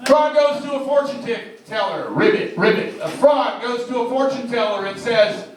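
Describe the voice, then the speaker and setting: A man's voice: very high voice, lively intonation, moderate pace, slight background noise. A man doing live stand-up comedy, reeling off old-school jokes one after another with a repeated tag line. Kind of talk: live stand-up joke telling. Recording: very echoey room, voice from far off.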